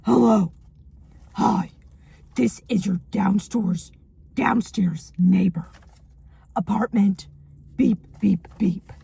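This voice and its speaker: A woman voicing her neighbor as a creepy serial killer, reading a complaint note slowly in a sinister, raspy tone. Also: mellow, exaggerated voice. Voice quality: gravelly, raspy and low.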